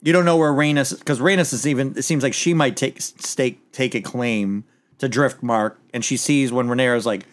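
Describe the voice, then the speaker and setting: A man's voice: medium pitch, moderate pace. A man chatting casually as a podcast host, rambling through a TV episode recap with lots of restarts and the odd swear word.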